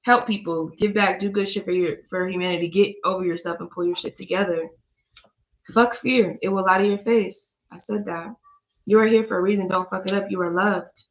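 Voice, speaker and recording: A woman reads cards in a casual, blunt way, swearing freely and laughing at herself. Her voice sits at an ordinary middle pitch. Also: steady tone, fairly quick, dull audio. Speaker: tarot reader. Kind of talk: casual spiritual card reading.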